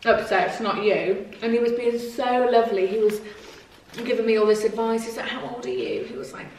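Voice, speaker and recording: A woman's voice: fairly high pitch, brisk, slight background noise. Chatty young woman, echoey room. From England. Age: 20s. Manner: chatty, animated retelling with lots of "like". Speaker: vlog co-host. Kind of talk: casual chat and storytelling. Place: home room. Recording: echoey room, mic at a distance.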